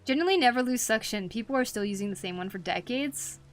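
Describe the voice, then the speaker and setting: Young woman, high-ish voice, giggly, chatty, live-stream drawing chat, desk mic. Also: lively intonation, fast talker, faint music behind. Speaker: art streamer.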